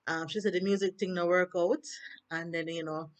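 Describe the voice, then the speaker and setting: A woman's voice: fairly low pitch, steady tone, moderate pace. A woman with a Jamaican accent reviews a TV episode in a casual chat, talking animatedly with swooping emphasis and lots of rhetorical questions, recorded on a handheld phone. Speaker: TV review vlogger.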